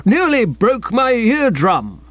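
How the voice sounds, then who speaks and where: A man's voice: sits high, expressive, normal speed, dry recording, pitched above the performer's own voice. Man doing a blustering old magistrate. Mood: grumbling. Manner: blustering, querulous. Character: fussy older man, pompous magistrate, indignant. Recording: dull, dry, lo-fi sound.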